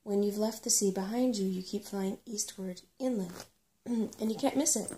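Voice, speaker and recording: A woman's voice: mid-range voice, normal speed, mellow, a little hiss or hum, lightly acted. A woman voicing an anxious, earnest female rat giving advice, in a whispered role-play. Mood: explaining. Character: fussy, worried female rat advising travellers.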